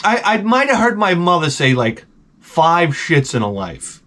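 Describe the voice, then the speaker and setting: A man's voice: fairly high pitch, big pitch swings, unhurried, a bit bright. A man in his forties telling stories in a rambling, profane, wry vlog monologue. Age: 40s. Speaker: vlogger. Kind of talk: casual storytelling monologue.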